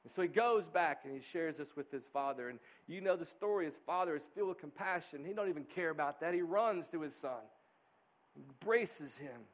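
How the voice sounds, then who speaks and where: A man's voice: a little high, expressive, fairly quick. A middle-aged male pastor preaching a sermon, earnest and emphatic.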